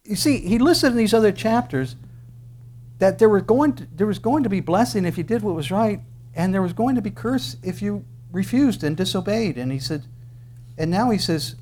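A man's voice: high voice, expressive, normal speed, a little mellow. A middle-aged man preaching a sermon as pastor, conversational and full of restarts, rising to bursts of emphasis.

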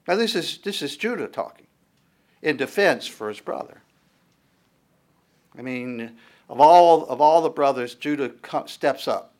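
A man of ordinary mid pitch delivers a sermon, reading scripture aloud verse by verse. Between readings he talks it through in a loose, conversational way, restarting phrases as he thinks. On the quoted lines his voice climbs and presses harder. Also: sing-song, measured pace. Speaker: preacher.

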